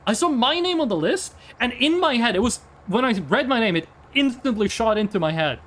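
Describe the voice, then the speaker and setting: A man's voice: very high-pitched, big pitch swings, fairly quick, a bit bright. A Norwegian man with a Norwegian accent, chatting casually as a streamer, rambling and swearing often. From Norway. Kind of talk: casual chat.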